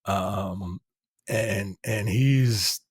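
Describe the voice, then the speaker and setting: A man's voice: on the low side, very slow, slightly rough, no echo, clean studio sound. A man co-hosting a casual film review chat, blunt and profane, rambling with lots of fillers. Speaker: podcast co-host.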